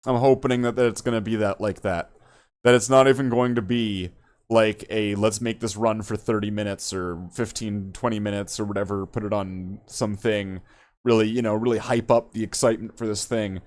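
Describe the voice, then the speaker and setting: A man's voice: lowish voice, steady tone, normal speed, darkish tone. A man hosting a podcast in casual chat, rambling and joking, swearing freely. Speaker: podcast host.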